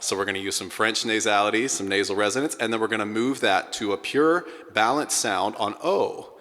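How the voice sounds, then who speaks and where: A man working as a vocal coach, leading a singing warm-up and encouraging his students between sung demonstrations. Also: lowish voice, a little fast. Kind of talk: guided singing warm-up lesson. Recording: echoey room with loud piano accompaniment.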